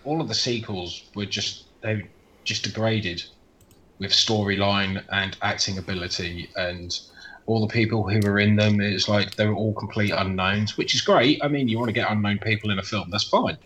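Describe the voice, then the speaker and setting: A man's voice: lowish voice, normal speed, a bit bright, a little hiss or hum, rough recording. A man from the UK co-hosting a casual podcast chat, giving blunt, dismissive opinions with free swearing. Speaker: podcast co-host. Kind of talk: casual horror movie chat.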